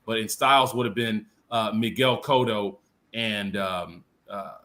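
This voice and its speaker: Low, bright-toned man analyzing boxing. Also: fairly even intonation, measured pace. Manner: thoughtful, talks in long qualified runs with many fillers. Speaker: panel co-host. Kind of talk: casual live-stream boxing analysis.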